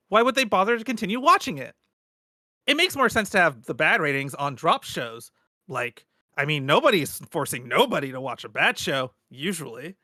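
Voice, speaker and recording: Man, co-host reading listener mail, emphatic, lively swooping delivery, bright edge. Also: a little high, no room sound, studio quality. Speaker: podcast co-host. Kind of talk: reading a listener letter aloud.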